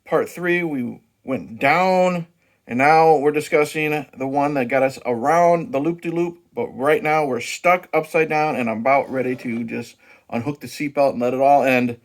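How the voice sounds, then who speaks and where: A man's voice: mid-range voice, normal speed. A man hosting his own movie review channel, talking casually and profanely with frequent restarts and fillers.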